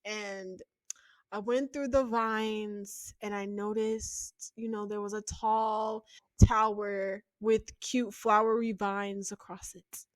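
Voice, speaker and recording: Slow, giggly woman with a dry close sound. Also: mid-range voice, little pitch movement, dry recording. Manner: giggly and profane, breaks into laughter. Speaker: podcast co-host. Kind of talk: improvised comedic role-play chat.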